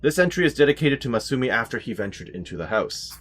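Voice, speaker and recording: A man's voice: medium pitch, big pitch swings, quick pace, hardly any pauses, a bit bright, slight background noise. A man giving let's play commentary on a horror game, wry and talking back to the enemies as he plays. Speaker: gameplay commentator. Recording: game music playing behind. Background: game music.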